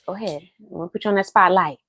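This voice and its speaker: A woman's voice: lowish voice, fast talker, pushed and bright. Chatty woman hosting a livestream. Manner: chatty, laughs easily. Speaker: livestream host. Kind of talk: casual chat. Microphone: video call.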